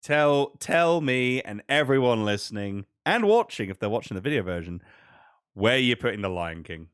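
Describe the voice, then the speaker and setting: A man's voice: medium pitch, expressive, moderate pace, fairly bright tone, clean tone, no echo, studio quality. A man co-hosting a games podcast, chatting casually, swearing freely and laughing often. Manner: swears freely, laughs a lot, mocking voices. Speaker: podcast co-host. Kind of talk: casual chat.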